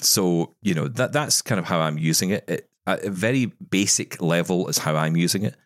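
A man with a very deep voice chats casually as a podcast co-host. He tells stories and drops jokey asides. The sound is dry and close. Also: normal speed, no room sound. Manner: chatty, storytelling, jokey asides. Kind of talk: casual chat.

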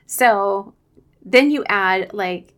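A woman's voice: medium pitch, drawn-out words, a bit bright. A woman in her forties hosting a podcast, giving earnest, faith-based coaching advice. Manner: earnest, coaching, often acts out quotes. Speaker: podcast host.

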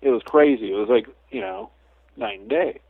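A man's voice: medium pitch, moderate pace, creaky, breathy edge, no echo. A man being interviewed as a guest, an animal communicator who tells his anecdotes animatedly. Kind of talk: storytelling in a podcast interview. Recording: tinny phone-like line.

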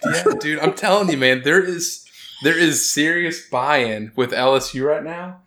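A man hosting a casual sports podcast, talking in an animated, rambling way that keeps interrupting itself. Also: a little high, measured pace. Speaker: podcast host.

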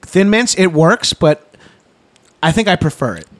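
A man chatting casually on a podcast, high on cannabis, laughing often and swearing loosely. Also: very animated, unhurried. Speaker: podcast guest.

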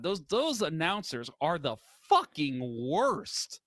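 Animated, bright-voiced man ranting about hockey. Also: high-pitched, takes it slowly, few pauses, dry recording. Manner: animated, swearing, acts out rants. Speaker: podcast co-host. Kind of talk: casual hockey chat.

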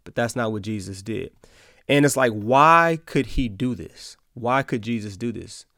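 A man's voice: medium pitch, lively intonation, unhurried, pushed and bright, no room sound, studio quality. A man hosting a Christian podcast, giving an earnest, casual devotional talk and reading Bible verses aloud.

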